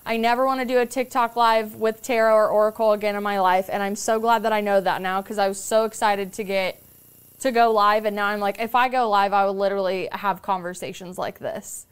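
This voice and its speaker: A woman's voice: mid-range voice, steady tone, brisk, clean tone. A young woman telling stories as a podcast guest, candid and casual, swearing freely and acting out other people's voices. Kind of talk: casual storytelling chat.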